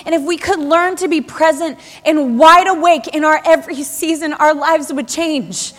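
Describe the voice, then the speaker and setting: High-voiced woman preaching in a reverberant hall. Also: normal speed. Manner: lively, conversational, with rhetorical questions and repetition. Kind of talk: sermon. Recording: long reverb of a large hall.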